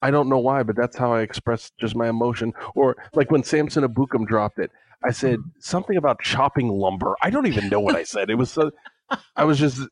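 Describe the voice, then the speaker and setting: A man's voice: mid-range voice, expressive, fairly quick. A man hosting a sports fan podcast, telling self-mocking stories about how he watches games. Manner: playful, self-mocking storyteller. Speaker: podcast host. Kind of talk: casual sports chat.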